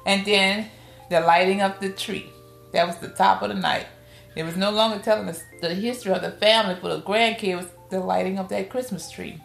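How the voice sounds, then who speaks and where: A middle-aged woman with a New Orleans accent, a podcast guest telling family stories in a lively, casual way and acting out the voices of her relatives. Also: fairly quick, gravelly. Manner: lively storyteller, acts out family quotes with big pitch jumps. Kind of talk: casual storytelling interview. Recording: roomy room with faint music behind.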